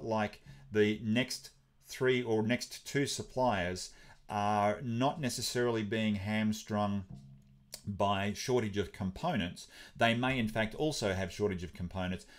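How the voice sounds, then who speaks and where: A man hosting a crypto update video, talking casually with many fillers and restarts. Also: fairly low pitch. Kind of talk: casual explainer commentary.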